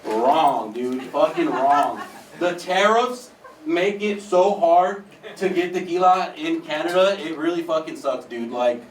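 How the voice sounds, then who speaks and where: A young man does open-mic stand-up on a small theater stage, loose and profane, tossing "dude" into nearly every line. His voice sits a bit high and is picked up from a distance. The room echoes, with a faint murmur of ambience behind him. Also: unhurried, a little hiss or hum. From United States. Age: 20s. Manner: profane, conversational, keeps saying "dude". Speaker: stand-up comedian.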